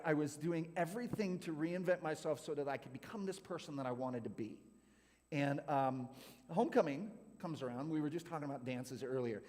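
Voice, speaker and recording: A man from California talks to a youth group, telling a story from his own life in a loose, chatty way full of "like" and "right?". His voice sits a little high for a man. The sound carries a long hall reverb. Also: a little mellow.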